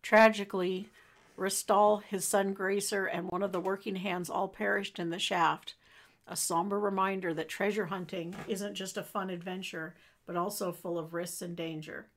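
Woman, mid-pitched voice, podcast co-host, reads aloud, playful teasing asides. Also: fairly even intonation, moderate pace. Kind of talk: casual chat and reading aloud.

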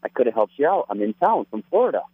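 A man's voice: medium pitch, big pitch swings, fast talker, husky, no room sound. A man calling in to a radio show on his cell phone, easygoing and hesitant. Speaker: caller. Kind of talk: casual phone call. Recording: tinny phone line.

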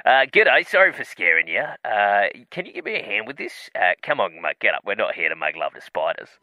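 Man doing a woman mining boss, Australian accent, blustering, bright voice, lively pitch, radio comedy sketch. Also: fairly quick, no echo, heavily acted, rough recording. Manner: blustering and scheming.

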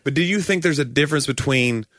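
A man's voice: mid-range voice, fast talker, no echo. A man co-hosting a podcast in casual chat, telling stories and acting out the people he quotes, on a close studio microphone. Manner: animated storyteller who acts out quoted voices. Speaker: podcast co-host.

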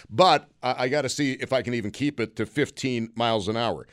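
A man's voice: mid-range voice, fairly quick, smooth. A middle-aged man hosting call-in talk radio in a studio, sarcastic and joking, rambling with restarts. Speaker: radio talk show host. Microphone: studio microphone.

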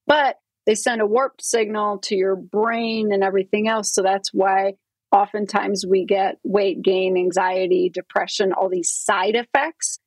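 A woman's voice: medium pitch, no room sound, poor audio. A middle-aged woman gynecologist, a podcast guest, earnestly explaining hormones and telling stories about patients. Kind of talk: interview storytelling.

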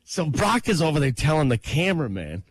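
A man's voice: fairly high pitch, very animated, brisk, no echo. A man co-hosting a morning radio show, telling a playful, jokey story in casual banter.

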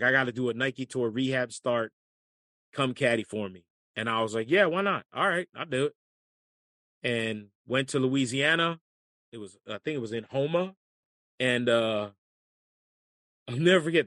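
Animated American man telling stories. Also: mid-range voice, dry recording, clean studio sound. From United States. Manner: animated storyteller acting out voices, laughing often. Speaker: caddie and broadcaster. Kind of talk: storytelling in a podcast interview.

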